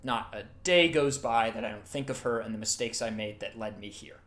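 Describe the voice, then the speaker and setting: A man voicing a heartbroken man who tells of his lost love, halting and emotional. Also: lowish voice, fairly bright tone, natural voice. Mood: mournful. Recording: roomy echo, faint music.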